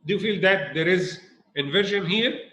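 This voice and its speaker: High-voiced man teaching grammar, echoey room. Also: moderate pace, sharp tone. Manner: repeats points, asks students rhetorical questions. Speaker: English teacher. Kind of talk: recorded grammar lesson.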